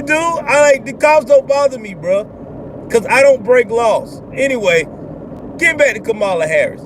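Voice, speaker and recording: High-voiced man ranting from a car. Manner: blunt, profane, animated. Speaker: vlog host. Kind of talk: casual ranting commentary. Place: in a car on the road. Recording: car road noise behind.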